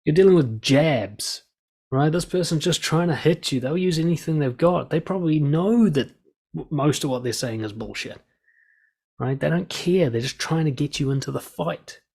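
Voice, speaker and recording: Gravelly, husky man giving blunt advice. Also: on the high side, normal speed, darkish tone. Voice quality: blunt, swears freely, acts out quoted lines. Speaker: dating and confidence coach. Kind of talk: direct advice monologue.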